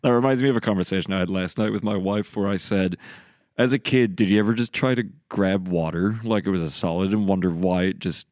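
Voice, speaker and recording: A man's voice: sits low, fairly quick, darkish tone, no room sound, clean studio sound. A man with a Boston accent, chatting casually and telling rambling jokes. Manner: joking, rambling storyteller. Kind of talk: casual chat.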